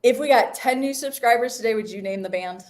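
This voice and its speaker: A woman's voice: fairly high pitch, a little fast, darkish tone. A woman co-hosting a live stream in casual chat, bubbly and teasing, laughing often. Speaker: co-host.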